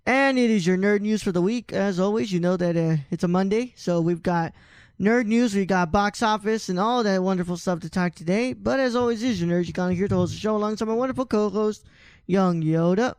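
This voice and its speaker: High-voiced, smooth-sounding podcast host man. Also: fairly quick, a little mellow, dry recording. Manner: loose, swears casually, lots of fillers. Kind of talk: casual podcast chat.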